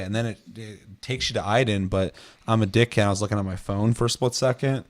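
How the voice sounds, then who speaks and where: A man's voice: lowish voice, brisk. A man co-hosting a gaming podcast, telling a story in casual chat, swearing freely and acting out quotes. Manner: profane, animated storytelling with acted-out quotes. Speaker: podcast co-host.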